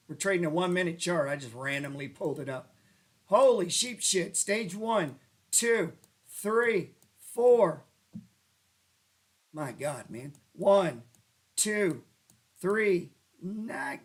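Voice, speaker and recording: A man hosting a casual stock trading show, rambling and cursing as he talks through charts and breaks into loud rants. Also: a little high. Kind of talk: casual livestream chat over stock charts. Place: lives in New Orleans.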